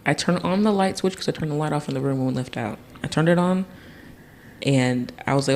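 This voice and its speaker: A young man from Tennessee, a podcast guest, telling a childhood story in a casual, animated way, laughing and acting out other people's voices. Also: a little high, fairly quick, slight background noise.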